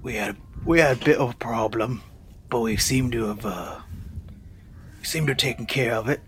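A woozy adventurer who feels not quite right, played by a man speaks in a clumsy, over-the-top folksy accent. The mid-pitched voice stays hammy throughout, with faint hiss behind. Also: moderate pace, a bit bright, lightly acted. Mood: dazed. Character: dazed male adventurer faking a folksy accent.

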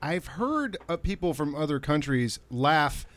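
A man's voice: fairly high pitch, sing-song, measured pace, a bit bright, no room sound. A man co-hosting a movie podcast, chatting casually and joking about films. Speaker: podcast co-host.

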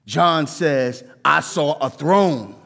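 High-voiced preaching man, reverberant church. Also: very slow, gravelly. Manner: animated preaching, acts out quoted voices. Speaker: pastor. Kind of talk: sermon.

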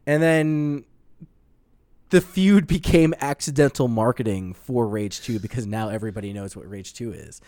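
A man's voice: medium pitch, normal speed, darkish tone, no echo. A man co-hosting a podcast, chatting casually and profanely about gaming news. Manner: profane, rambling, reads headlines aloud. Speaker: podcast co-host.

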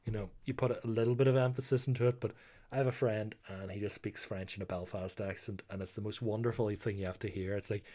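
A man's voice: fairly low pitch, fairly even intonation, quick pace, warm tone. A young man from Northern Ireland telling a true story in a chatty, rambling way. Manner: chatty and rambling, frequent "like" and "you know". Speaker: history storyteller host. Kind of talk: casual storytelling monologue.

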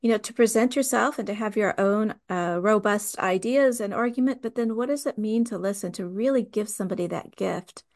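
A woman's voice: medium pitch, fairly quick, few pauses, darkish tone. A woman hosting a podcast, reflecting on ideas in a thoughtful, conversational way. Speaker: podcast host. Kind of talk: casual conversation.

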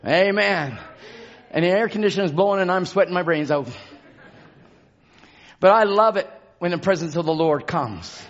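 A man preaching a fervent sermon in a church, shouting and calling out to the congregation. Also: high-pitched, moderate pace, pauses often, highs cut off. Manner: shouting, call-and-response exhortation. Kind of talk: fervent Pentecostal-style sermon. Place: church sanctuary.

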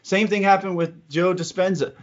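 Brief: male co-host, slightly high voice, reflective and supportive, muffled lo-fi audio. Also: fairly even intonation, normal speed. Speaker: podcast co-host. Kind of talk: casual chat.

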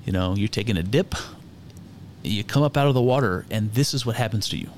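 A man's voice: on the low side, a little fast, a little mellow, slight background noise. A man giving casual spoken commentary on scripture, frank and irreverent, swearing freely and thinking aloud with lots of fillers.

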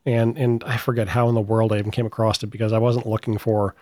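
A man co-hosting a podcast in casual conversation, halting, with many restarts and fillers. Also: fairly low pitch, little pitch movement, darkish tone, no room sound, clean studio sound. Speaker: podcast co-host.

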